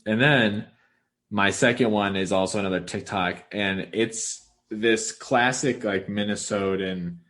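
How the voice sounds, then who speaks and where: A man's voice: fairly low pitch, steady tone, a little slow, a bit bright. A young man co-hosting a podcast, rambling casually with lots of filler words and frequent chuckles. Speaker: podcast co-host. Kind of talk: casual chat.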